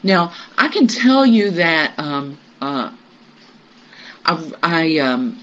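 A group member sharing personal news in a meditation group, halting and reflective, with many pauses and fillers. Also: mid-range voice, sing-song, fairly bright tone. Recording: muffled recording with faint hiss.

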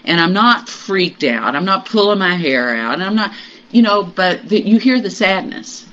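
A group member sharing personal news in a meditation group, halting and reflective, with many pauses and fillers. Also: medium pitch, lively intonation, pushed and bright. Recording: muffled recording with faint hiss.

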